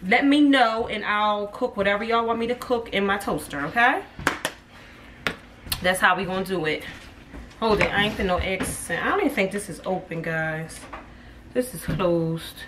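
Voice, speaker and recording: A woman's voice: mid-range voice, normal speed. A woman, chatting to her viewers as she cooks at home. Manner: chatty, addresses viewers as y'all. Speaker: cooking vlogger. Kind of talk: casual cooking vlog. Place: home kitchen. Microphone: phone camera set back. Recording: distant phone mic with background noise.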